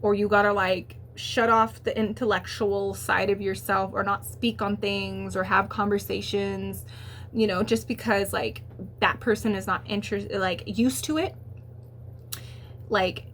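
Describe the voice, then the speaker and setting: A woman's voice: medium pitch, a little slow, slight background noise. Chatty young woman reading tarot. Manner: chatty, animated, frequent fillers and swearing, laughs at herself. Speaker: tarot reader. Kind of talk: casual tarot reading monologue.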